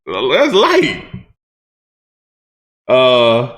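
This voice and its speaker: A man's voice: high-pitched, wildly swooping pitch, slow pace, fairly bright tone. A man hosting a reaction channel who talks in casual slang, breaks down battle rap lines, often repeats himself and restarts his sentences.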